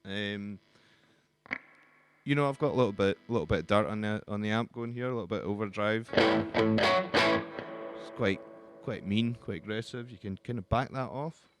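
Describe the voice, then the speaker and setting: A man who works as a guitar teacher, explaining the instrument in a relaxed, casual way with frequent ums and restarts. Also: on the low side, normal speed, long pauses.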